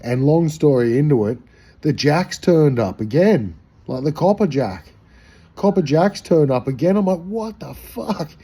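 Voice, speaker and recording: Australian bloke, husky and dark-toned, casual rambling storyteller, swears freely. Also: male voice, a little high, expressive, normal speed. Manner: rambling, profane, slangy. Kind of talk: casual anecdote.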